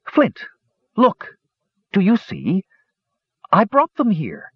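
A man voicing an excitable, childlike small male kender who talks in high, eager exclamations. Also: slow pace, slightly rough, no room sound, highs cut off, exaggerated voice. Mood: excited.

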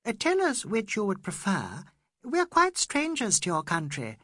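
An eager, flustered young Englishwoman, put on by a male reader. She pleads in a high, drawn-out voice with a husky edge. The recording is close and dry. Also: huge pitch swings, bright, forceful tone, no room sound, heavily acted.

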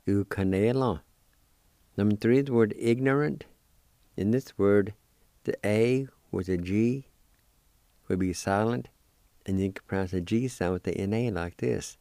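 A man teaching a language lesson on the radio, spelling words out letter by letter and repeating them slowly. He is patient and encouraging with his listeners. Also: fairly low pitch, dark tone, no room sound, studio quality.

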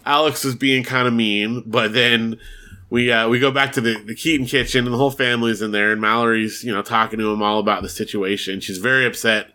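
A man's voice: mid-range voice, steady tone, brisk, pushed and bright. A man co-hosting a podcast, casually retelling a TV episode in a chatty way and leaning often on "like". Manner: chatty storytelling with frequent "like". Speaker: podcast co-host.

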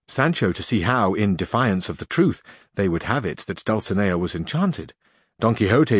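Man narrating an audiobook, expressive. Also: lowish voice, husky, dry recording, clean studio sound.

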